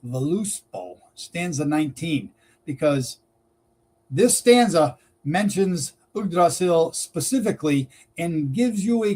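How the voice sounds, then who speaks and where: A man presenting on Northern Pagan lore, talking slowly and deliberately and spelling out words as he explains. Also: fairly high pitch, darkish tone, breathy edge, rough recording. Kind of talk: explanatory talk to camera.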